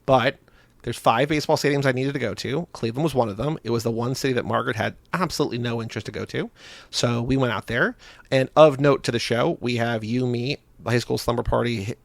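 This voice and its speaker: Fast-talking young podcast man. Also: mid-range voice, vocal fry, dry recording. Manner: rambling with many "like" fillers. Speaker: podcast co-host. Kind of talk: casual chat.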